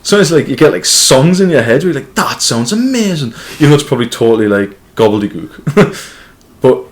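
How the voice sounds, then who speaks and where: A man co-hosting a casual podcast chat, telling animated stories with lots of swearing and laughter. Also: medium pitch, brisk. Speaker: podcast co-host.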